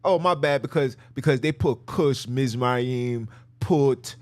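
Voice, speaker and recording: A man's voice: mid-range voice, unhurried, darkish tone. A man hosting a podcast, giving emphatic, repetitive religious commentary in casual slang while he talks his listeners through slides. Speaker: podcast host.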